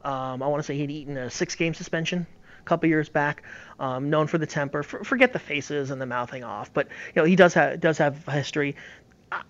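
Guy talking baseball fast, kinda high voice, strong opinions, slightly muffled audio. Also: fairly bright tone. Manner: emphatic, opinionated. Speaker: baseball analyst. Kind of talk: casual sports talk.

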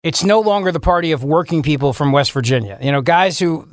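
A man's voice: on the high side, lively intonation, brisk, few pauses, no room sound. A man hosting a political talk radio show, delivering a combative, sarcastic monologue into a studio microphone.

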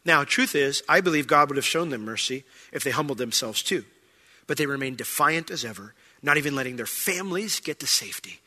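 A man preaching a sermon, animated, with loud bursts and quiet, intense stretches. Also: mid-range voice, a little fast, in a large hall. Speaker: pastor.

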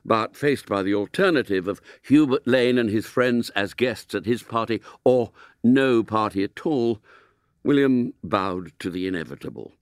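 Man, storybook narration, mock-solemn, lively intonation, dry close sound. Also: lowish voice, normal speed, clear, resonant tone, no echo. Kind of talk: storybook reading aloud.

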